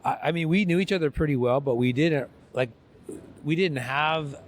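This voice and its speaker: A man's voice: fairly high pitch, moderate pace, slight background noise. A man co-hosting a podcast, chatting casually in a rambling, self-deprecating way with frequent restarts. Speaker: podcast co-host. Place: convention venue.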